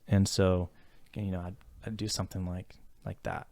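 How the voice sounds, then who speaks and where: A man's voice: low voice, flat delivery, normal speed, vocal fry, a little mellow, no room sound. A man co-hosting a podcast, talking in an earnest, reflective way with many fillers and restarts. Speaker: podcast co-host. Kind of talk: casual podcast conversation.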